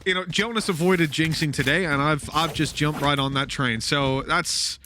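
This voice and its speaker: A man's voice: on the high side, moderate pace, bright, forceful tone, slight background noise. A man casting an esports match, calling the action with joking, self-mocking banter. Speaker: esports caster. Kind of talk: play-by-play commentary.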